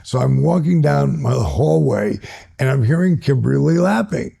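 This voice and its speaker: Man, sixties, very gravelly, husky, dark tone, animated storyteller, interview guest. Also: medium pitch, unhurried. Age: 60s. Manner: animated, builds stories up excitedly, laughs between phrases. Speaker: guest, retired pro wrestler.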